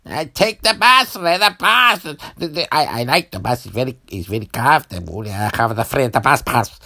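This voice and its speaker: A man's voice: mid-range voice, very animated, moderate pace, gravelly, bright, forceful tone, full character voice. A man voicing a brash, rambling Cypriot man in a comedy sketch, speaking in broken phrases and cutting in with boasts. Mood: cheeky.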